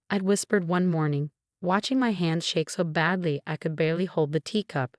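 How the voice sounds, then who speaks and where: A woman telling a first-person story in measured, scripted narration. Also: lowish voice, dry recording, clean studio sound.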